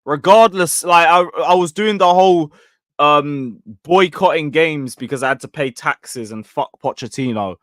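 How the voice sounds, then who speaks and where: Sweary football fan, dry mic. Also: male voice, on the high side, unhurried, fairly bright tone, dry recording. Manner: blunt, sweary, rambling, reading chat comments. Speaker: football fan channel host. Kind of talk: casual live match review.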